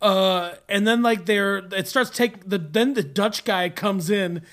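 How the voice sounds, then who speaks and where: A man's voice: sits high, measured pace, a bit bright. A man co-hosting a movie podcast, retelling the plot with crude, profane jokes. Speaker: podcast co-host. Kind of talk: casual comedic movie recap.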